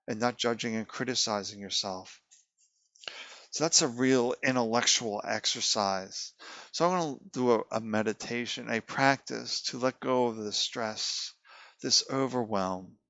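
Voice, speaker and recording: A man leading a guided meditation, speaking calmly in slow, repeated prompts and questions. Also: on the low side, dry recording, dull audio. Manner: calm, slow, repetitive guidance with questions. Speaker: meditation teacher.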